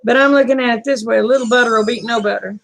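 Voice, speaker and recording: A middle-aged Southern woman chatting easily with her viewers in a homey, folksy drawl. Her voice sits a touch high and carries a gravelly fry. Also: fairly even intonation, racing. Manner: folksy, chatty, reading and answering viewer comments. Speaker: livestream host. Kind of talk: casual chat with viewers.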